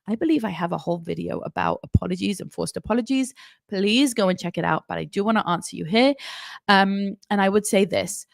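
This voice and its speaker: Female parenting coach, mid-pitch, crisp advice with tag questions, dry room. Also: no room sound. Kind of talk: live Q&A advice.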